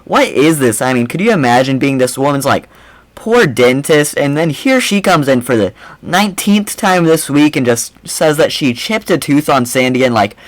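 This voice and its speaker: A young man hosting a reaction video, mocking the clip in a rambling, animated way. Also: medium pitch, moderate pace, no echo, low-quality recording. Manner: mocking, animated, rambling with repeated "I mean, seriously". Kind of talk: casual reaction commentary.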